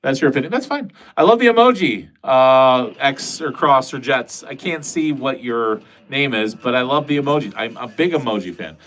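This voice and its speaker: A man's voice: mid-range voice, lively intonation, normal speed, hardly any pauses, a bit bright. A man livestreaming from his basement, chatting casually and answering viewer comments in a rambling, cursing, self-mocking way. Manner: rambling, profane, self-deprecating. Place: home basement.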